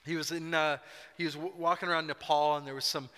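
Bright-voiced male pastor in a hall. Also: a little high, flat delivery, fast, clear, resonant tone. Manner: conversational storytelling with playful acted-out quotes. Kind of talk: sermon. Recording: reverberant hall.

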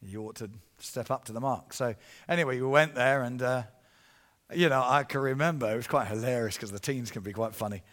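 A middle-aged man preaching as an evangelist, telling a story with animated swings between hushed and loud passages. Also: medium pitch, brisk. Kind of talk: storytelling sermon.

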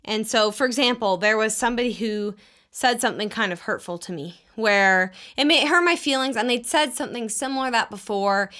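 A woman co-hosting a casual advice talk, explaining calmly. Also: medium pitch. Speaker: co-host.

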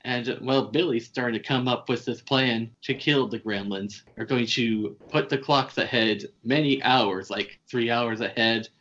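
A man's voice: mid-range voice, measured pace, few pauses, a bit bright, lo-fi sound. A man hosting a podcast, casually retelling a movie plot in a rambling way, with swearing and fillers. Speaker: podcast host. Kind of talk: casual movie recap chat.

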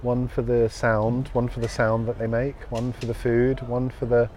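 A man co-hosting a radio show, chatting casually outdoors by a canal, full of quick interjections and teasing questions. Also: mid-range voice, monotone, darkish tone, a little hiss or hum.

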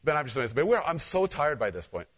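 A man's voice: on the high side, fast. A male pastor preaching a conversational sermon, telling personal stories and talking directly to his congregation. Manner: animated, talks directly to the congregation.

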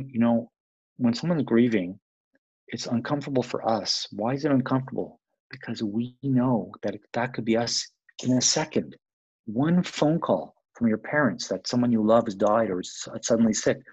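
A man's voice: mid-range voice, a little mellow, husky, no room sound, lo-fi sound. A man who works as a palliative care doctor, answering interview questions in a reflective way, with many restarts and "you know" fillers.

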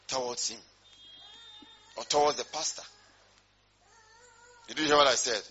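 A man's voice: a little high, pushed and bright, slight background noise. A man preaching a sermon to his congregation, often asking emphatic rhetorical questions. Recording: dull lo-fi sermon recording.

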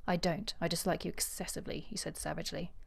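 A woman's voice: fairly low pitch, quick pace, creaky, breathy edge. A woman co-hosting a book podcast who reads a novel passage aloud with acted dialogue, then chats casually. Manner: expressive reader, acts out dialogue, laughs easily. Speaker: podcast co-host.

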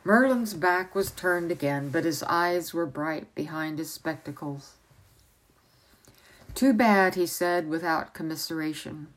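A woman reading a novel aloud as a storyteller, with calm narration. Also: low-pitched, measured pace, few pauses, low-quality recording.

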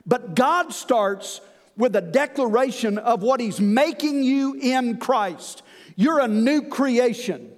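A male pastor preaching a sermon in an earnest manner, slowing down to stress key lines. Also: very high voice, lively intonation, long reverb tail.

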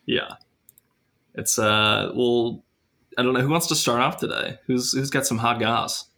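A man's voice: medium pitch, fairly even intonation, unhurried, bright, forceful tone. A young man hosting a casual podcast, cracking wry jokes and steering the talk. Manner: joking, wry asides with laughs. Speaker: podcast host. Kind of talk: casual chat.

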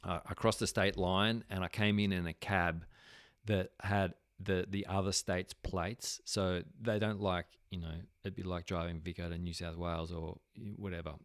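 A man's voice: low voice, level tone, moderate pace, no room sound, clean studio sound. A young man with an Australian accent telling a travel story casually, rambling with lots of fillers and the odd swear word.

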